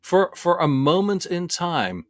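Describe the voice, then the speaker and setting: A man's voice: high-pitched, big pitch swings, a little slow, dry recording, clean studio sound. A man co-hosting a podcast in casual chat, wry and wordy, with emphatic phrasing. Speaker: podcast co-host.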